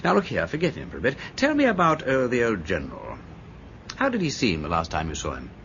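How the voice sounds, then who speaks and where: An actor playing a breezy, witty upper-class English gentleman detective, with a jaunty, teasing manner, in an old radio drama. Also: fairly low pitch, wildly swooping pitch, fast, a little hiss or hum, exaggerated voice. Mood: wry. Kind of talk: 1930s-style radio drama acting. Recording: dull old radio recording.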